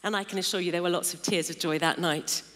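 A woman's voice: lowish voice, steady tone, fast talker, fairly bright tone. Middle-aged woman preacher, emphatic sermon delivery, long church reverb. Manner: emphatic, builds lists of intensifying phrases. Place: large church hall.

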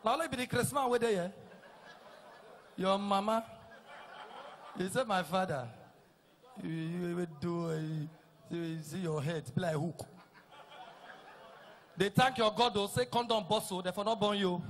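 A middle-aged Nigerian man with a Nigerian Pidgin accent, doing a teasing stand-up routine that repeats lines and shouts punchlines. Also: sits high, steady tone, normal speed, long pauses. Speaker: stand-up comedian. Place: live comedy stage.

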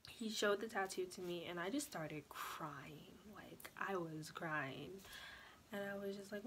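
Chatty young woman, low voice. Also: unhurried, a little hiss or hum. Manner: chatty, animated, fillers like "like" and "you know". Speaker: vlogger. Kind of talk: casual storytelling vlog.

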